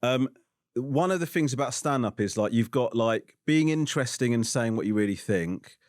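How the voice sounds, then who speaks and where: A man's voice: medium pitch, expressive, moderate pace, no echo, studio quality. A man in his forties with an English accent, hosting a casual interview and asking questions with many restarts. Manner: hesitant, restarts questions often. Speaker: host.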